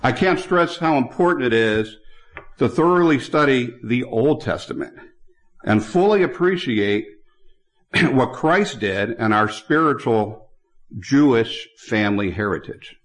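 A man delivers a sermon in a church, reading scripture passages aloud and speaking directly to his congregation. His voice sits in a middle pitch for a man. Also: lively intonation, unhurried. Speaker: preacher.

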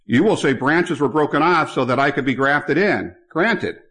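A man's voice: a little high, lively intonation, normal speed, a bit bright. Man preaching a sermon. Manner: reads scripture aloud, addresses congregation. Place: church.

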